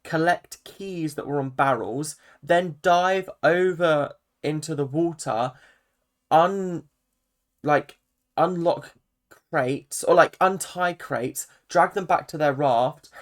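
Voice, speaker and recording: Chatty, animated recap vlogger. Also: mid-range voice, slow pace. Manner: chatty, animated, lots of fillers. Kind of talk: casual commentary.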